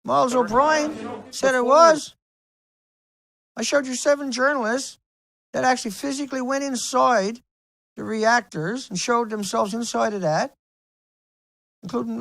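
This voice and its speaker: A man's voice: extremely high pitch, a little slow, vocal fry, pauses often, a bit bright, no echo, poor audio. A man ranting to camera in an angry vlog, heated and profane, repeating himself. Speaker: video blogger.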